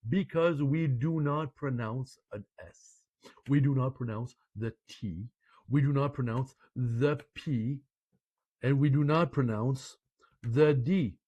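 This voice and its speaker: A man from Canada gives an online French lesson at a slow, unhurried pace. He is chatty and playful and keeps slipping French phrases into his English explanations. The recording is dry and close, with no room sound. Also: mid-range voice, warm tone, breathy edge, no room sound, muffled recording. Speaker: French language teacher.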